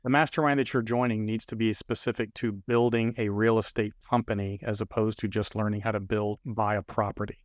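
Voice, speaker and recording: A man's voice: fairly low pitch, a little fast, few pauses, no echo. Dry-voiced middle-aged man telling a story. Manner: animated storyteller, voices others in quotes. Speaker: guest business consultant. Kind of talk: conversational interview storytelling.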